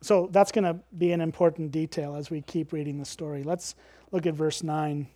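A man's voice: fairly high pitch, steady tone, normal speed, dark tone, no echo. A man giving a conversational Bible teaching, explaining as he goes and posing rhetorical questions to his listeners.

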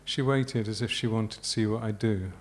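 Male novelist from Yorkshire, low voice, calm live reading of his own prose, faint room noise. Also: normal speed. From Yorkshire, England. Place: small live reading event.

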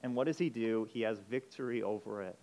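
A man preaching a sermon, emphatic, moving between urgent loud passages and quiet intense ones. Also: fairly low pitch, brisk. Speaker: pastor.

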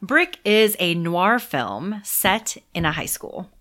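A woman's voice: fairly low pitch, very animated, slow pace, a bit bright, soft background music. A woman co-hosting a film podcast, talking enthusiastically in casual discussion and often laughing. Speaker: podcast co-host.

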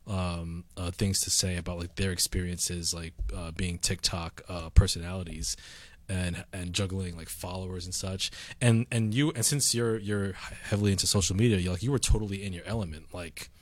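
A man's voice: sits low, no room sound. A man co-hosting a casual chat, rambling with lots of fillers and restarts. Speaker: podcast co-host.

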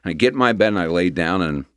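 A man's voice: deep voice, expressive, fairly bright tone, dry recording, studio quality. A middle-aged man earnestly telling his personal recovery story in a candid, rambling conversational way. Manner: earnest, emotional, rambling with restarts and quick laughs.

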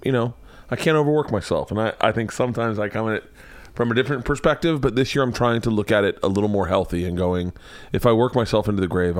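A man's voice: fairly low pitch, no echo. A man hosting his podcast, rambling in casual chat and often restarting his sentences. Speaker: podcast host.

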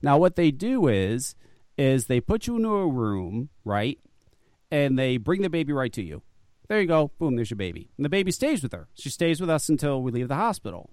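A man's voice: medium pitch, sing-song, a little fast, a little mellow, no echo, clean studio sound. A man telling a long, profane story in casual chat, full of restarts and stammered repeats. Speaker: guest.

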